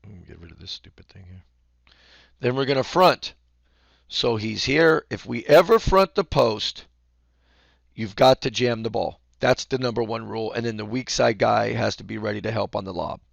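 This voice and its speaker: A man coaching basketball, explaining defense casually and acting out the calls he yells courtside. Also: fairly low pitch, normal speed, gravelly, dry recording, studio quality. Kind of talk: instructional talk.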